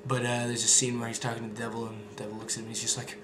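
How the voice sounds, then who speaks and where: A man's voice: mid-range voice, completely flat delivery, very fast, few pauses. A young man chatting casually and rambling, with lots of fillers and swearing. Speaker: video maker. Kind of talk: casual vlog chat. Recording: echoey room with background noise.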